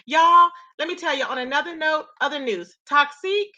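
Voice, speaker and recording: A woman's voice: high-pitched, normal speed, bright, forceful tone. A woman hosting her own channel, chatting casually and laughing often as she recaps online gossip. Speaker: commentary channel host.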